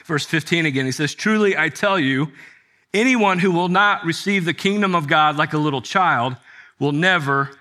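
A male pastor delivers a sermon in a bright, slightly high voice. He talks conversationally, posing rhetorical questions to his listeners and explaining scripture. His tone is forceful and clear. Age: adult with children.

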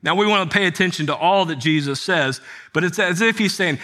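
A man's voice: high voice, a little fast, pushed and bright. A man preaching a sermon as pastor, talking conversationally and asking the congregation rhetorical questions. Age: adult with children.

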